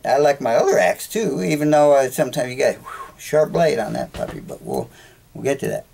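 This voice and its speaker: Gravelly man rambling on a solo podcast. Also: medium pitch, very animated, a little fast, a little mellow. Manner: chatty, jokey, self-interrupting. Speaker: podcast host.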